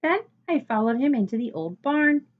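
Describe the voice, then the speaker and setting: A woman reading a children's chapter book aloud in an expressive way. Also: sits high, moderate pace, narrow, tinny audio. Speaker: storybook reader.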